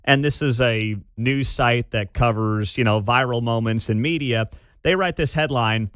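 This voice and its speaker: Opinionated talk radio host, dry studio. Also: male voice, mid-range voice, no echo. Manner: animated, opinionated, quick laughs. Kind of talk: morning talk radio commentary. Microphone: studio microphone.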